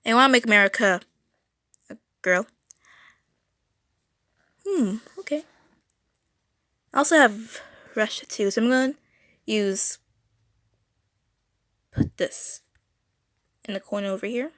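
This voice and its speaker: A woman's voice: fairly high pitch, slow pace, long pauses, sharp tone, dry recording, clean studio sound. Rambling young woman streaming her drawing. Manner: rambling, stuttering, self-correcting. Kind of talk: casual drawing livestream chat. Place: home room.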